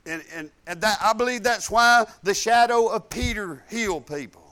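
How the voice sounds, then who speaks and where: Man preaching, high and smooth-voiced, folksy storyteller who gets loud and emphatic. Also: normal speed.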